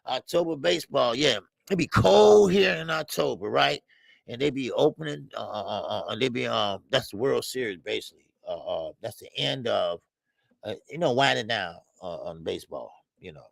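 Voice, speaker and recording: A man's voice: mid-range voice, fairly bright tone, dry recording. A man hosting a casual boxing livestream, reading out viewer names and talking slangy, loose banter. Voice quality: gravelly.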